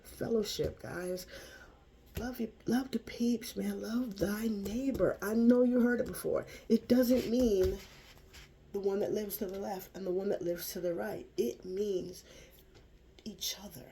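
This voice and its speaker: A woman's voice: medium pitch, fairly even intonation, a little slow, warm tone, a little hiss or hum. An older woman vlogger talking casually to camera in a chatty, folksy, preachy way.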